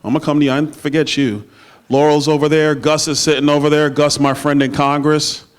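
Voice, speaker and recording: Holding a microphone in a banquet room, a middle-aged political speaker addresses a party dinner with a campaign stump speech full of emphatic oratory and playful crowd banter. His voice is on the high side, level in tone, and a little fast.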